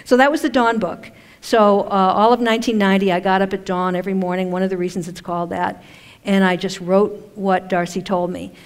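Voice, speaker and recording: A woman's voice: mid-range voice, level tone, fairly quick, smooth. An older woman from Maine talking casually to a live audience from a stage, chatty and self-deprecating, laughing often. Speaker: speaker at a spiritual event. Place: stage in a large hall. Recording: echoey hall with long reverb.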